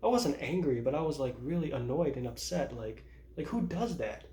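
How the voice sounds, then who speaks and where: A man's voice: mid-range voice, expressive, moderate pace, dark tone. A man in his thirties talking casually about his own life in a vlog, rambling with many restarts and laughing at himself. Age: 30s. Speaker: vlogger. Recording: roomy echo.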